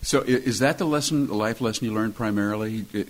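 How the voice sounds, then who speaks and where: A man hosting a radio interview show, asking questions with halting restarts. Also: lowish voice, poor audio. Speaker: radio host.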